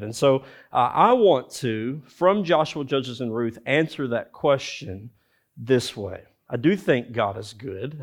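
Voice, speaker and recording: Conversational male pastor preaching. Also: mid-range voice. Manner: conversational, with frequent filler "uh" and rhetorical questions. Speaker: lead pastor. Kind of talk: sermon.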